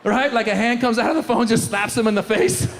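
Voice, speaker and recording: A man doing a stand-up comedy set, animated, slipping into loud impressions of the people in his jokes. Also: very high voice, brisk, slight background noise. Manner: animated, jumps into shouted impressions. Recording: live show in a large hall.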